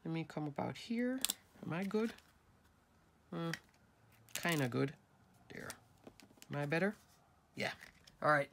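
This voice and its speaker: A woman's voice: fairly low pitch, expressive, measured pace, long pauses, a bit bright. A middle-aged woman, nasal from a cold, chatting her way through a step-by-step craft tutorial at her desk and talking to viewers as folks and crafters.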